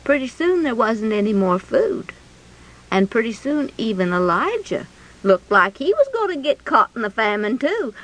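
Animated folksy woman telling a Bible story. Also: fairly high pitch, poor audio. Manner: animated, chatty, rhetorical questions.

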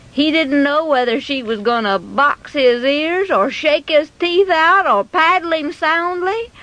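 A woman telling a Bible story dramatically, with expressive, moralizing asides to her listeners. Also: a little high, dry recording.

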